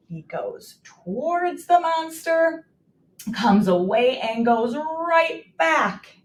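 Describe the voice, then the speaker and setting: A woman teacher modeling writing for young children, slowly and clearly sounding out each word and leading the class to repeat. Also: fairly high pitch, sing-song. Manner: slow, exaggerated sounding out of words.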